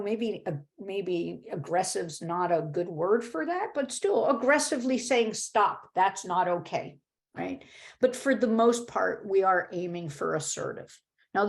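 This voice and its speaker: A woman presenting a webinar workshop, explaining in a conversational way with frequent fillers and check-ins. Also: medium pitch. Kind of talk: webinar teaching talk. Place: home or office video call.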